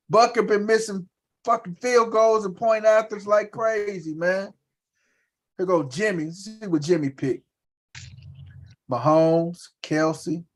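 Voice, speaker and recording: A man co-hosting a live show, talking fantasy football picks in loud, profane, animated banter. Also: sits high. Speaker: podcast co-host. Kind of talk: casual sports chat.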